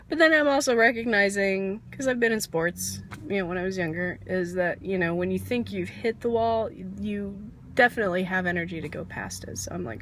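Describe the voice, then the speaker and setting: A woman's voice: medium pitch, brisk, slight background noise. A woman telling a candid, rambling personal story in a vlog, laughing at herself now and then, getting over a cold with an occasional cough. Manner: candid, rambling, self-deprecating with soft laughs. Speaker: vlogger.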